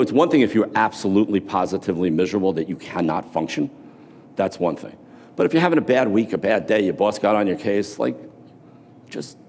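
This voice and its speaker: Deep-voiced man telling stories in a hall. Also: a little mellow. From New York. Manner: casual storytelling with profanity. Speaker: keynote speaker, former floor trader. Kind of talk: motivational speech.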